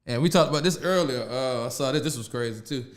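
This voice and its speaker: A man's voice: mid-range voice, fast talker. A man hosting a casual podcast, telling stories with slang and laughing often. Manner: animated storyteller, laughs often, Southern slang. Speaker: podcast host. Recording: echoey room.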